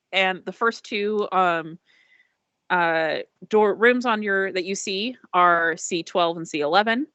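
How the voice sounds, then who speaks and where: A woman's voice: lowish voice, a bit bright, no echo. A woman narrating a tabletop game as game master in a chatty, rambling way with many fillers. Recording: dull lo-fi dry sound.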